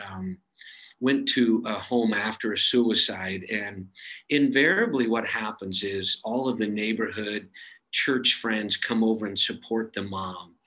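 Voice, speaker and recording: An earnest man answering audience questions on a video call. His voice sits fairly low, and he talks plainly, with many fillers and restarts as he thinks aloud. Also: a bit bright, poor audio. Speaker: suicide prevention expert answering audience questions. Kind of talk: webinar Q&A, conversational.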